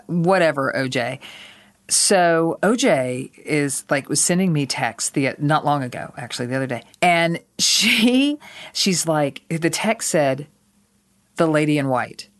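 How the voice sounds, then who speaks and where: A woman co-hosting a podcast, telling a rambling story in casual chat, swearing freely and laughing often. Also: low-pitched. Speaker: podcast co-host.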